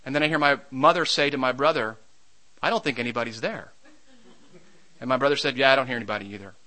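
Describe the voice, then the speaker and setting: A man preaching a sermon, mixing Scripture with a lively personal story. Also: mid-range voice, fast, rough recording. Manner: storytelling, shouts during a comic anecdote.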